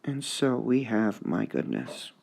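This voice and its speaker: A male high school English teacher giving a recorded lesson on poetic meter, repeating words to sound out their stresses. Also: very animated, slow pace, vocal fry, a little mellow. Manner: sounds out syllables to mark the stresses.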